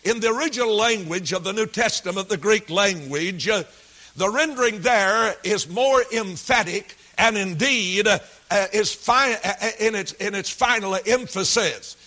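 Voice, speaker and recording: A man's voice: high-pitched, pushed and bright. A man preaching a sermon, reading scripture aloud and repeating key phrases with frequent fillers. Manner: slow, deliberate delivery, repeating key phrases and verse references.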